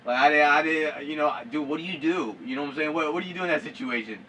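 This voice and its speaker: A young man recounts a story in loose, slangy storytelling. His voice sits a bit high and sounds bright and forceful, and he keeps saying "dude" between bursts of shouted sound effects. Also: fast talker, slight background noise. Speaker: vlogger. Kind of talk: casual storytelling.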